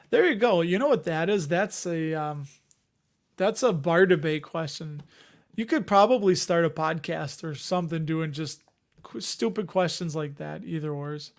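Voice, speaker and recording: A man hosting an investing live stream, chatting casually and rambling as he answers viewers' comments. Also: fairly high pitch. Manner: rambling, conversational, reads chat comments aloud.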